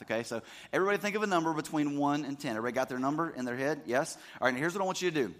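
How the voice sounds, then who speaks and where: A man in his thirties preaching to his congregation in an easy, conversational way. He keeps asking the room whether they are following along, with a voice of ordinary middle pitch. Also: fairly bright tone. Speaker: pastor. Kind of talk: sermon.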